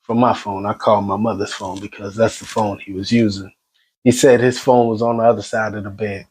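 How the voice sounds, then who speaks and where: A grieving man giving a personal spoken account in an agitated, halting way, full of restarts. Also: lowish voice, little pitch movement, a little mellow, a little hiss or hum. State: shaken and grieving. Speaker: son recounting his mother's death.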